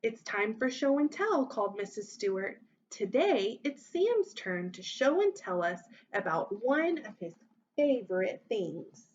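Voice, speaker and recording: A woman teacher reading a children's story aloud, voicing the characters with big expressive lifts in pitch. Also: unhurried, muffled recording, a little hiss or hum.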